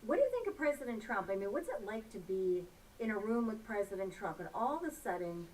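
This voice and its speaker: A woman's voice: mid-range voice, very animated, fast talker, a little mellow, recorded from a distance, a little hiss or hum, poor audio. A woman interviewing a family, asking long leading questions. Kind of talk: television interview.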